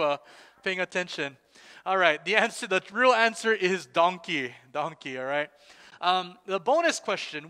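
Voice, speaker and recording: A man with a high, bright voice hosts relaxed Bible trivia at a church service, teasing listeners and chatting loosely. His voice rings with a long reverb from the hall around him. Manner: chatty and playful, joking with listeners. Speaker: church worship leader.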